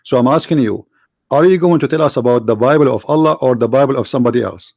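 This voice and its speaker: Man, Arabic accent, gravelly, dry close sound, insistent debate host. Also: medium pitch, fast talker, darkish tone, no room sound. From Middle East. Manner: challenging, insistent questioning. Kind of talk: live debate call-in stream.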